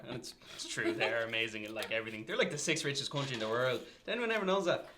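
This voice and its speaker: Man, young adult, Irish accent, playful, teasing, bright tone, faint background noise. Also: mid-range voice, sing-song, quick pace. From Ireland. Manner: playful, teasing, laughs often. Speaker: co-host. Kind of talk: casual livestream chat.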